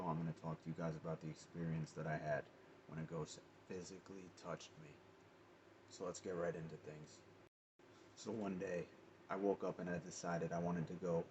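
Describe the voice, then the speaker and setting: A man with a very low voice tells a personal ghost story straight to his viewers, chatty and animated, full of slang and quick restarts. The recording is dull and lo-fi with a faint hiss underneath. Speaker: paranormal vlogger. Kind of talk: casual storytelling to camera. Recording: dull lo-fi audio with faint noise.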